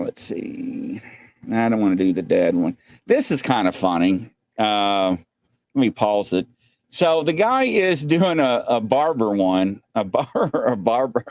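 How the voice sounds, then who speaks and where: Rambling lively male show host. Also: fairly low pitch, dry recording. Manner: rambling with many fillers. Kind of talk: casual show chat.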